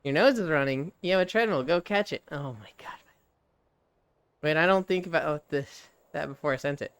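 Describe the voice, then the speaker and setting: A live streamer chatting casually while walking on a treadmill, reading chat aloud and telling stories with lively animation. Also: medium pitch, normal speed, clear, resonant tone, no room sound. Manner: reads chat aloud and riffs, animated storytelling.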